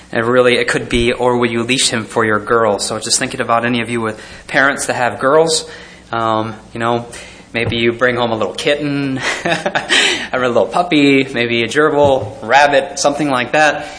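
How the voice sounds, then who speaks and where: A man delivers a sermon in a bright, forward voice of middling pitch. He reads verses aloud, then breaks into frequent chuckles, with plenty of fillers and restarts as he thinks aloud. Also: moderate pace. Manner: animated, chuckling often, reads scripture aloud. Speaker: pastor.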